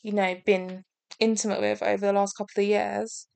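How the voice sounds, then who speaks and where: Giggly woman with a gravelly voice. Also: medium pitch, little pitch movement, normal speed, a little mellow, no room sound. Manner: giggly, laughs through her stories. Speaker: podcast co-host. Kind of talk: casual chat.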